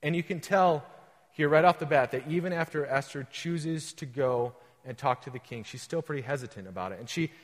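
A man's voice: on the high side, fairly quick. A man reading scripture aloud and explaining it casually as a sermon, with restarts and everyday comparisons. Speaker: preacher. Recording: long hall reverb.

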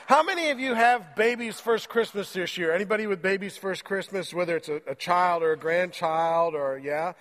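A man's voice: high voice, normal speed, hardly any pauses, a bit bright, big-room sound. A man preaching a sermon in church while fighting a cold, in a joking, conversational way. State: has a cold, voice lowered. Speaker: pastor. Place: church sanctuary.

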